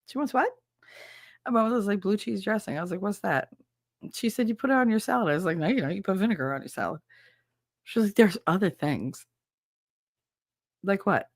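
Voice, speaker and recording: A woman streamer chatting casually while she works, telling animated stories, laughing often and acting out the people she quotes. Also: mid-range voice, dry recording, clean studio sound. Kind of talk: casual chat while doing a task.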